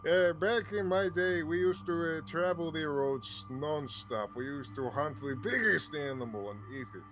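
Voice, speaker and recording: A man's voice: on the high side, moderate pace, very noisy, pitched above the performer's own voice, lightly acted. A man doing a rambling old hermit, accented. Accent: put-on old-world accent. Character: old male hermit Boswell, rambling, hospitable.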